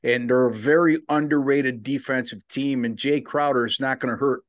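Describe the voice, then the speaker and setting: On a sports betting podcast, a male co-host talks casually, filling his speech with fillers and agreeing easily. He has a mid-range voice with a steady tone and moderate pace, captured as clean studio sound with no room echo.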